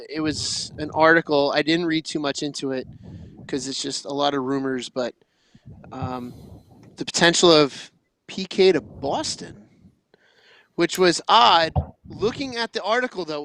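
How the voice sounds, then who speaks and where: A man co-hosting a podcast, talking hockey in an animated way, repeating himself for emphasis. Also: on the high side, slight background noise. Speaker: podcast co-host. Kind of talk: casual sports chat.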